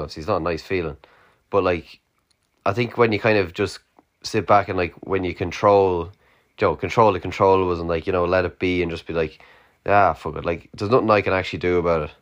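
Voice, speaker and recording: A young Irish man hosting a solo podcast late at night, tired and yawning, rambling casually with lots of fillers and swearing. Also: sits low. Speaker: podcast host.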